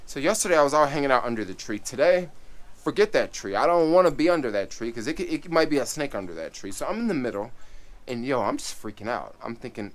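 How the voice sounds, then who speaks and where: A man telling a story on his vlog in an animated, excitable way, full of casual fillers. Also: mid-range voice, fast. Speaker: vlogger.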